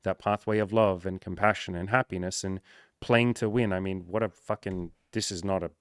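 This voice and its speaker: A man's voice: low voice, steady tone, moderate pace, smooth, dry recording, clean studio sound. A man who is a coach, talking earnestly and emphatically in a personal vlog monologue, swearing often.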